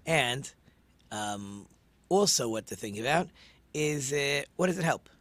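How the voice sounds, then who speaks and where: A man's voice: medium pitch, expressive, a little slow, a bit bright, no room sound. A man teaching an informal religious class, talking conversationally, asking himself rhetorical questions, with frequent ums and restarts. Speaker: Torah teacher.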